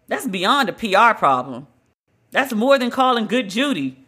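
A podcast host giving solo celebrity-news commentary in a dramatic, emphatic, slangy and profane way, with drawn-out exclamations. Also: mid-range voice, big pitch swings, fairly bright tone.

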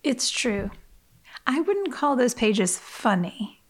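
A woman's voice: on the high side, big pitch swings, slow pace. A woman in casual book talk, enthusiastic and laughing often as she reads passages aloud.

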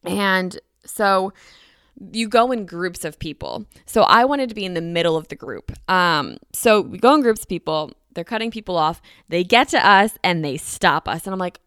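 A young woman tells a personal story in a casual, animated way, peppering it with "like." Her voice is bright and smooth, sitting somewhat high. The sound is dry and close. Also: moderate pace, no room sound. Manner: chatty, animated, heavy use of "like" fillers.

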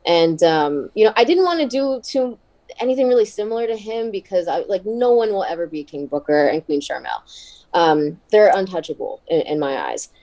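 A woman guest in a casual interview, chatty and quick to laugh, with many fillers. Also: mid-range voice, expressive, mellow, low-quality recording. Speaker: wrestler and podcast guest.

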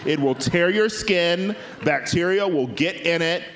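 A man's voice: fairly high pitch, lively intonation, measured pace, fairly bright tone. A man co-hosting a podcast, telling stories dramatically with campy asides in casual banter. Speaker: podcast co-host.

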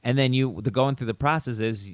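Hombre comediante, voz nítida y seca. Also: male voice, fairly quick, clear, resonant tone, no room sound, studio quality. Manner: animated storyteller who acts out quotes in a raised pitch. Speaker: comedian, podcast co-host. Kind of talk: casual chat, storytelling.

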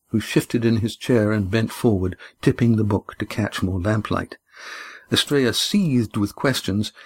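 A man reading a novel aloud as an audiobook narrator, with measured storytelling. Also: on the low side, a little mellow, breathy edge. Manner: measured storytelling, voicing each character lightly.

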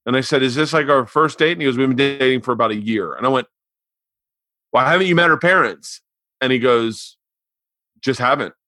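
A man hosting a podcast, telling stories in casual chat, animated with sudden loud, cursing outbursts. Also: mid-range voice, quick pace, no room sound, clean studio sound. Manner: animated storyteller, loud outbursts, swears a lot. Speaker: podcast host.

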